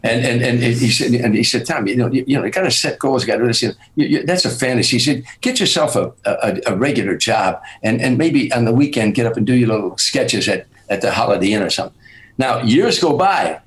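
A man's voice: mid-range voice, fast talker, poor audio. An older man from the Chicago south suburbs, a stand-up comedian calling in as a guest, telling stories and acting out other people's lines. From Chicago south suburbs, USA. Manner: animated storyteller who acts out others' lines. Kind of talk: casual storytelling chat.

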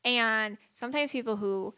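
A woman co-host with a somewhat high voice chats and tells stories in a lively, easygoing way. She laughs often as she talks. The sound is dry and close, with little room around it. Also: moderate pace, clear, resonant tone, no room sound. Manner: chatty, animated, laughs often. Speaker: psychic podcast co-host. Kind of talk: casual chat and storytelling.

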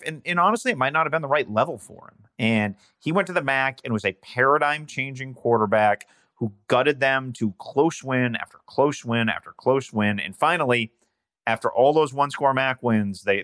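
A man co-hosting a sports podcast, giving emphatic, quick analysis in casual chat. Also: mid-range voice, a bit bright, dry recording, studio quality. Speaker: podcast co-host.

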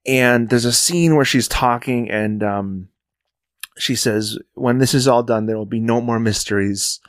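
A man in casual conversation about a film, getting choked up, halting and restarting as he recounts scenes. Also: medium pitch, dry recording, clean studio sound. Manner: emotional, halting, many restarts.

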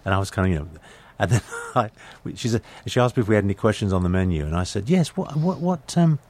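A man's voice: deep voice, rapid-fire. A man from England, an actor, telling anecdotes in casual conversation with frequent stammered restarts. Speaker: actor, guest. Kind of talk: casual chat.

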